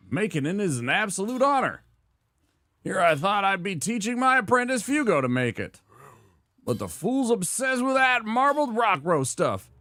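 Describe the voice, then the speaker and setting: A man voicing a proud, grumbling rock-creature blacksmith in a video game, raising his voice a few steps into a gruff old-timey grumble. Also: high-pitched, sharp tone, dry recording, voice pushed up, exaggerated voice. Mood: indignant. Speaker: game character voice.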